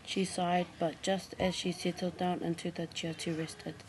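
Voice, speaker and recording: Teacher reading story aloud, lowish woman's voice, noisy room. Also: little pitch movement, moderate pace.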